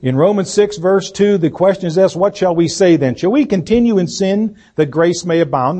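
A man delivers a sermon with a voice pitched a little higher than most men's. He speaks in a deliberate, emphatic way and leans hard on key words. He stumbles over fillers and restarts as he talks. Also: mellow. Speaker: pastor. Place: church sanctuary.

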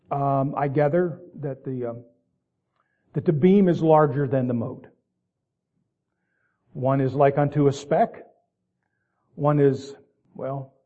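Man, sermon, folksy and deliberate, husky voice, tinny phone-like sound. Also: a little high. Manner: folksy, slow and deliberate with emphatic repetition. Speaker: preacher.

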